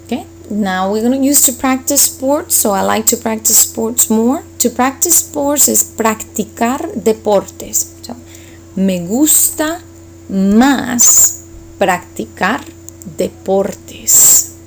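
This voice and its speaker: A woman teaching a Spanish lesson, explaining grammar patiently step by step and slowing down for each example phrase. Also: a little high, a little mellow, a little hiss or hum, poor audio.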